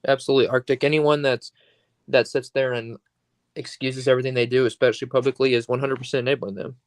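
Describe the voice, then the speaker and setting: A man talking in a relaxed, opinionated chat, pausing and filling gaps as he thinks. His voice sits at a middle pitch. The sound is dry and close. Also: dry recording. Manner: earnest, opinionated, loose with pauses and fillers. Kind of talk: casual chat.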